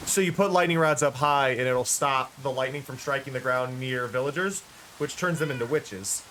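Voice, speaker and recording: A man's voice: mid-range voice, moderate pace, fairly bright tone, slight background noise. A tired-sounding man streaming a game, thinking aloud in casual commentary with frequent restarts. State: tired, yawning.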